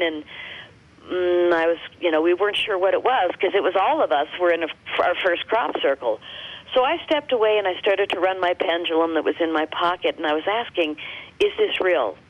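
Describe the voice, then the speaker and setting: An American woman tells her story as a radio guest in a lively, rambling way, full of "um" and "you know". Her voice comes through a dull, lo-fi broadcast line. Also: on the low side. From United States. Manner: animated, breezy anecdotes with fillers. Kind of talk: interview storytelling.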